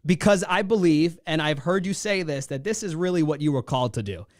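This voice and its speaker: A male podcast host asking his guest questions in an earnest, admiring way with halting phrasing. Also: on the high side, lively intonation, no echo, studio quality. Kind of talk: interview questions.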